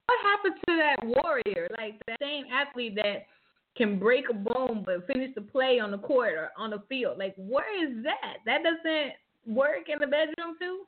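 A woman's voice: high-pitched, animated, normal speed. Exasperated, laughing woman on a phone line. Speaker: host. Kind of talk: casual comedic banter.

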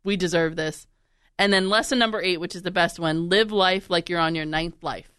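Chatty woman host, smooth clear voice on a dry close mic. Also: on the low side, fairly bright tone, no room sound. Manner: chatty, laughing, quick to act out animals. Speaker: podcast host and radio producer. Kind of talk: casual chat.

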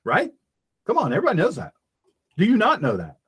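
A man's voice: high voice, huge pitch swings, quick pace, fairly bright tone, slightly rough. A man hosting a fiery political talk radio show, preaching in an impassioned way and acting out little scenes.

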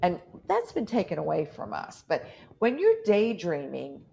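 A woman with a low, gravelly voice chats casually as a podcast host, rambling through anecdotes and acting out the quotes. The audio is muffled and lo-fi. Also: wildly swooping pitch, a little slow, dark tone, slight background noise. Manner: rambling, storytelling with acted-out quotes. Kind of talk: casual chat.

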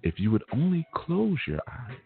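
A man putting on the voice of a serene, soft-spoken male spiritual guru, speaking slowly in a drawn-out, sing-song way. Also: mid-range voice, huge pitch swings, creaky, voice pushed up. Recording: tinny phone-like sound with faint music.

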